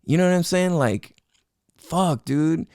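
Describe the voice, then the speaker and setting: Profane rambling podcast host, dry sound. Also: male voice, fairly high pitch, slow, a little mellow, smooth, dry recording. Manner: profane, rambling, heavy on "like" and "you know what I'm saying". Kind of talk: casual storytelling monologue. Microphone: headphones with mic.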